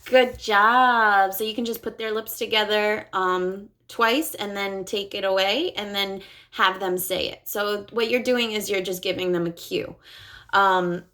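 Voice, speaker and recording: Woman speech therapist walking parents thru practice, talks real slow, stretches out words n cheers on the kid. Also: mid-range voice, steady tone, a bit bright. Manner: models words slowly with exaggerated, drawn-out articulation and upbeat praise. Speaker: speech-language pathologist.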